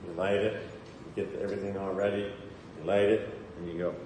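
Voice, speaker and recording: A man preaches in a casual, questioning way to his congregation. His voice sits a little low and carries a long, roomy reverb. A faint hum of the hall hangs behind him. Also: level tone, fairly quick, darkish tone. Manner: conversational, asks the congregation questions. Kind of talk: sermon. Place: church hall. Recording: echoey hall, faint ambience.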